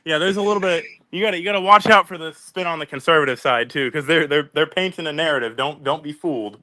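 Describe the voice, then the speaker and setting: A man's voice: fairly high pitch, fast, sharp tone. A man co-hosting a reaction show, chatting casually and giving opinions. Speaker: co-host reacting to a video.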